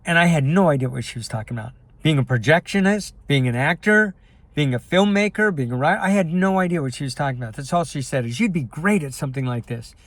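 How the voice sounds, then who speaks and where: A man's voice: a little high, lively intonation, quick pace, no room sound. Candid, emotional man telling his story. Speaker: life coach and filmmaker sharing his story. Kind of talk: personal video talk to camera.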